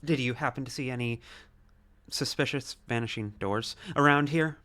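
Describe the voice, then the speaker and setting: A man's voice: medium pitch, bright, forceful tone, close to an everyday voice. Man reading as a dry, condescending doctor. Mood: probing. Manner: clinical, condescending, slow and deliberate. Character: stern, dry male doctor searching for a lost child. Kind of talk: voicing game dialogue with friends.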